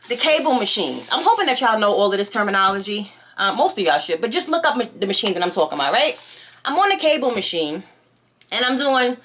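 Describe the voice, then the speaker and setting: A woman's voice: on the high side, sharp tone. A young woman telling a storytime in casual, outspoken, slangy chat as a vlogger.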